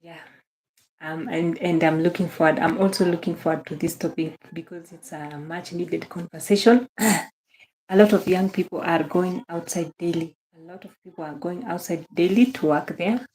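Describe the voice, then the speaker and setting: A young woman with a Kenyan accent hosts a casual livestream, welcoming viewers one by one and repeating her thanks and praise. Her voice sits low and sounds mellow and soft-edged. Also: steady tone, normal speed. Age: young adult. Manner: effusive, repeats phrases, greets viewers by name. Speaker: livestream host.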